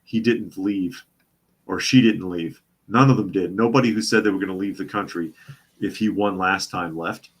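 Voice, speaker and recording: A man's voice: low voice, moderate pace, slightly rough. A man hosting a casual news commentary show, sarcastic and often repeating his phrases for emphasis. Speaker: host.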